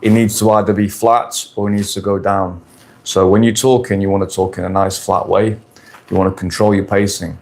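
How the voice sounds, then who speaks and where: Forties male streamer, lowish voice, blunt and crude, casual Q&A delivery. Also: steady tone, fairly quick, creaky, darkish tone, slight background noise. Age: 40s. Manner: blunt, crude, confident, repeats points. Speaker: dating coach streamer. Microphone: phone or camera on a stand.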